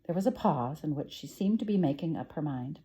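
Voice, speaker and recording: A woman storyteller reading a children's book aloud with a gentle, expressive manner. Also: deep voice, a little fast.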